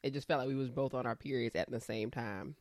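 A woman's voice: a bass voice, quick pace, a little mellow, no echo, clean studio sound. A young adult woman co-hosting a podcast, telling salty, laughing stories in casual chat. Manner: salty, laughing, profane storyteller. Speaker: podcast co-host.

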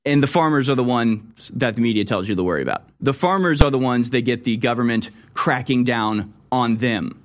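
A man's voice: mid-range voice, a little fast, hardly any pauses. A man hosting a talk radio show, giving sarcastic, rambling political commentary. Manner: mocking, sarcastic, loose and rambling.

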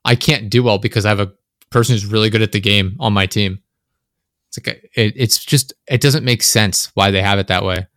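A young man chatting casually on a podcast, rambling and animated, swearing often, close to his microphone. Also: lowish voice, brisk, no room sound. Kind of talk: casual chat. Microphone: close desk microphone.

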